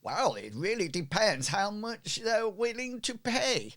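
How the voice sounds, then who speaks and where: A breezy ship's quartermaster who enjoys a long haggle, played by a man in a tabletop game. His voice sits a little higher than normal speech, and he bargains in an easy, unhurried way. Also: lively intonation, a bit bright, heavily acted. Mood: bargaining. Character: easygoing male ship quartermaster, fond of haggling.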